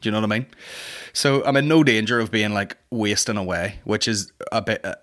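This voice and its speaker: A man's voice: on the low side, brisk, a bit bright. A man in his thirties hosting a comedy podcast, rambling and swearing in a boisterous casual monologue. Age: 30s. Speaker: podcast host.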